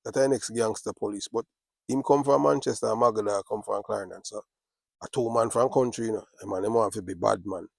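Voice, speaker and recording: A man's voice: lowish voice, fast, creaky, no room sound, studio quality. A man with a Jamaican accent, talking in a casual monologue with repetitive, boastful, patois-laced street talk.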